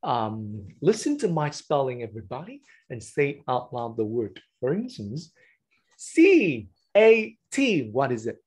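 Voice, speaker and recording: A man's voice: mid-range voice, big pitch swings, moderate pace, few pauses, darkish tone, slightly rough. A man whose first language is Vietnamese, running an online teacher-training session over a webcam and explaining classroom games step by step.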